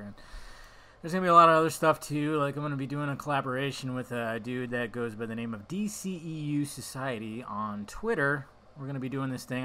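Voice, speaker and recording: A man's voice: mid-range voice, bright, forceful tone. A young adult man hosting his own podcast, rambling casually from topic to topic with frequent tangents and swearing. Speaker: podcast host.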